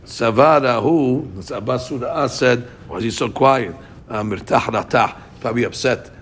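A man's voice: medium pitch, moderate pace. A man teaching a Talmud class, reading Aramaic lines and explaining them in English, his voice jumping up when he acts out the speakers. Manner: animated, voice jumps up when acting out speakers.

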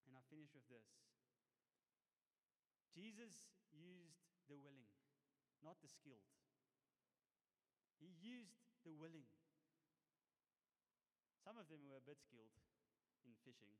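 High-voiced man preaching in a reverberant hall. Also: slow, long pauses. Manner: self-deprecating, lively preaching with laughs. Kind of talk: sermon.

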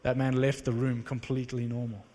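A man preaching a sermon and telling stories with animated energy, acting out the dialogue. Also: medium pitch, brisk, long reverb tail. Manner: animated storytelling, acts out dialogue. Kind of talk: sermon with storytelling.

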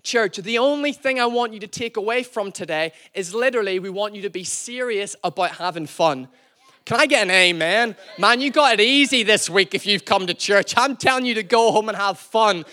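Male pastor, young adult, pitched high; jokey, self-mocking storyteller who keeps addressing the congregation. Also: sharp tone. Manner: playful, self-deprecating storyteller, calls to the church. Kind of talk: sermon with storytelling.

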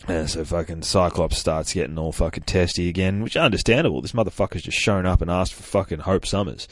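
A man's voice: low voice, fast, few pauses, no room sound. A man hosting a podcast, recapping a comic book in a casual, rambling, heavily profane way, recorded dry and close. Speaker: podcast host.

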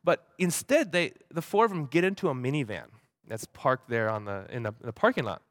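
A young man tells a story in a halting way, repeating words as he goes. His voice sits at an ordinary pitch. The sound is close and dry, with no room around it. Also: animated, no room sound. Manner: acts out quoted voices animatedly. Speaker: speaker at a church gathering. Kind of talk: storytelling talk.

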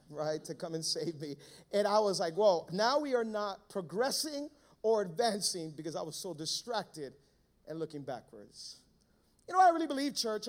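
A man pastor preaching a sermon, telling a funny story and calling out to the church. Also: extremely high pitch. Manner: preaching with humor, calls to the church.

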